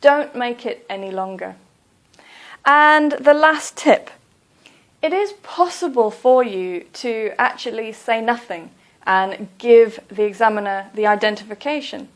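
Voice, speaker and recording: Slow, careful woman teaching English. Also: on the high side. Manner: slow, careful, clearly enunciated. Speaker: English test tutor. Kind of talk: slow scripted instruction.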